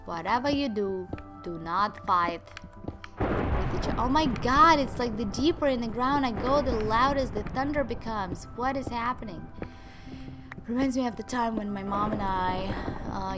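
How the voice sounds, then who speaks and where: A young woman chatting casually to her viewers and her dogs while playing a game, playful and talkative. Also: mid-range voice. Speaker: gaming YouTuber. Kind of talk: casual gameplay commentary. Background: game music.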